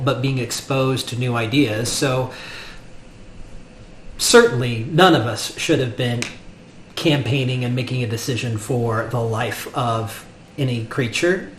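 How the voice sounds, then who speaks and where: A man's voice: mid-range voice, lightly acted. A man voicing an earnest young male student who lays out his reasoning at length. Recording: roomy room with faint noise.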